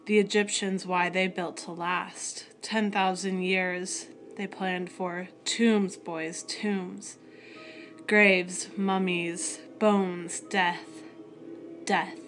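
A woman voicing an ancient, dusty old male mummy who speaks in urgent, hushed tones. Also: on the low side, flat delivery, drawn-out words, soft background music. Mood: solemn.

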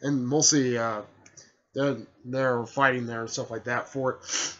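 A man's voice: mid-range voice, little pitch movement, measured pace, a bit bright, dull audio. A man casually retelling a story in a rambling way, tacking "there" and "stuff like that" onto his sentences.

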